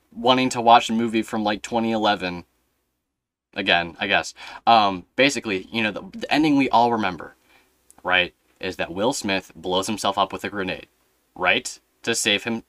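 A low-voiced young man with a bright, forceful tone talks through a casual podcast conversation. His storytelling rambles and runs on fillers, and the sound is dry and close. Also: no room sound. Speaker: podcast host.

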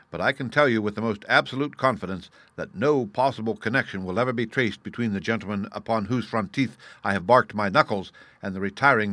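An adult man voicing a calm, confident detective who speaks with composed irony in an audiobook reading. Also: fairly low pitch, no echo, natural voice.

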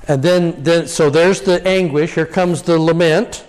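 Guy teaching scripture, kinda high voice, slow and animated, chuckles a lot. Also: slight background noise. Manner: animated, chuckles often, stresses key words with rising cries. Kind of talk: informal scripture lesson.

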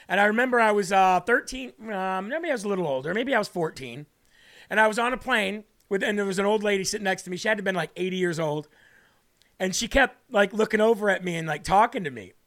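A man with a raspy voice hosting a show, talking casually and rambling to his viewers. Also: high voice, sharp tone. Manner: rambling, conversational, addresses viewers as folks. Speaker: host. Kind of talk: casual livestream talk.

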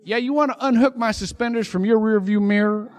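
A preacher voicing an awestruck small-town Southern boy on a moped, with drawn-out, wondering exclamations. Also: high voice, lightly acted. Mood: coaxing.

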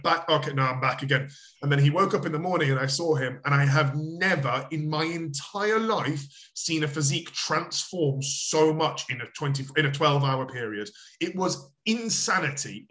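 Rambling coach, swears casually. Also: male voice, fairly high pitch, a bit bright. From United Kingdom. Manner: rambling, swears freely, heavy filler words. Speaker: bodybuilding coach, guest. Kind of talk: casual interview chat.

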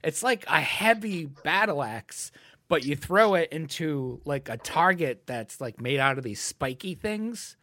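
A man's voice: on the high side, animated, measured pace, bright, forceful tone, dry recording, studio quality. A man co-hosting a podcast, telling stories in a rambling casual way with lots of fillers and frequent laughs. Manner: rambling storyteller, laughs often, many fillers. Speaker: podcast co-host. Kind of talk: casual chat.

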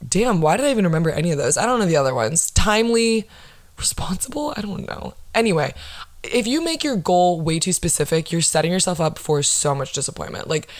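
A woman's voice: fairly low pitch, expressive, brisk. A woman hosting her own solo podcast, ranting in a sarcastic, profane way full of fillers. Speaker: podcast host.

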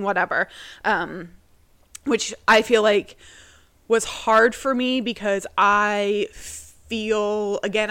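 A woman's voice: medium pitch, sharp tone, no room sound. A young woman co-hosting a podcast, telling a personal family story casually and loosely, with lots of fillers and acted-out quotes of her relatives. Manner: rambling, heavy on fillers, acts out quoted family voices. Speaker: podcast co-host.

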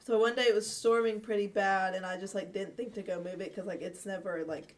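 A woman's voice: mid-range voice, fairly even intonation, a little fast. A young woman tells a long, rambling story in a casual chat, with plenty of fillers and bursts of laughter. She sits a little back from the microphone, so her voice sounds slightly distant. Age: young adult. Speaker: guest.

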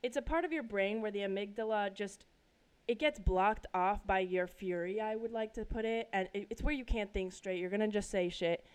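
A young woman from Colorado hosting her own podcast, telling a personal story casually, swearing freely and bursting loud at the dramatic parts. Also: mid-range voice, moderate pace, clear, resonant tone. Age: young adult. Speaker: podcast host. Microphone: desk microphone.

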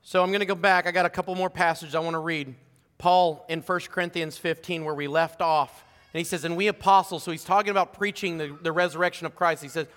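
A man preaching a sermon as pastor, fervent, his voice climbing louder and higher on key points. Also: normal speed. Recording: long hall reverb.

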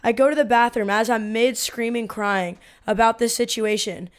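A woman in her twenties co-hosting a podcast and telling a story in a casual, animated way, swearing freely and acting out quotes. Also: a little high, moderate pace. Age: 20s. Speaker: podcast co-host.

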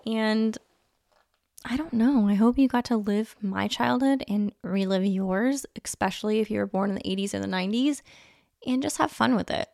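Woman, 30s, podcast host; nostalgic, rambling chat, frequent fillers, gravelly, dry sound. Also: medium pitch, moderate pace, darkish tone, no room sound. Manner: chatty and nostalgic, many "like" fillers. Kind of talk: casual solo podcast monologue.

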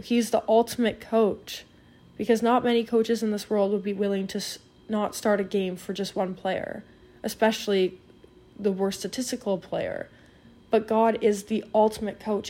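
Earnest woman with a mellow voice. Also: mid-range voice, little pitch movement, moderate pace. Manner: earnest, encouraging, addresses listener directly. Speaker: devotional speaker. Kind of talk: spoken devotional retelling a parable.

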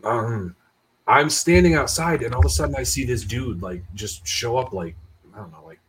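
A man's voice: mid-range voice, normal speed, poor audio. A man co-hosting a podcast, telling a story in casual chat, swearing freely and acting out the voices in it. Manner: animated, swearing, acts out quotes. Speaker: podcast co-host.

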